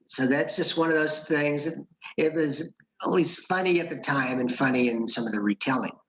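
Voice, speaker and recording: A middle-aged man tells a personal story at a club meeting. He speaks in a measured, wry way and slips in dry asides. His voice sits slightly high and carries a noticeable room echo. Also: fairly bright tone. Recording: roomy echo.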